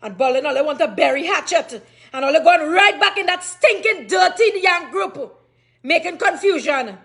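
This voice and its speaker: A woman's voice: extremely high pitch, expressive, moderate pace, a bit bright. A woman with a Trinidadian accent in an angry rant to camera, cursing and firing off repeated questions. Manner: furious, cursing, repetitive questioning.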